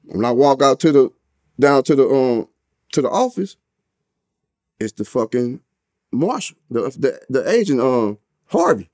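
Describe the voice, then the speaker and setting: A man telling a story in a casual interview, talking in heavy street slang and profanity, his voice jumping up loud and high whenever he acts out what people said. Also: unhurried, pauses often, no room sound, clean studio sound. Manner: animated retelling with loud, high quoted exclamations. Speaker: interview guest.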